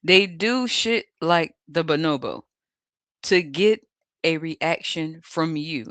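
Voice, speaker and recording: Mocking, animated host, cursing freely. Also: medium pitch, dry recording. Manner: mocking, laughs often, coarse slang. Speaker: tarot channel host. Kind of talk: profane mocking commentary over images.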